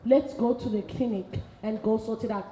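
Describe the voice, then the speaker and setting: A woman's voice: fairly high pitch, steady tone, moderate pace, warm tone. A South African woman giving a frank, humorous sermon-style talk to a women's gathering, telling stories with quoted dialogue. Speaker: speaker at a women's ministry event. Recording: echoey hall.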